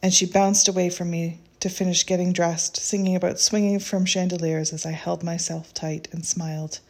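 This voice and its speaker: A woman reads a reflective first-person story in a gentle, unhurried, tender manner. Her voice is low and husky, with a gravelly edge. The tone stays mellow and soft. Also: little pitch movement.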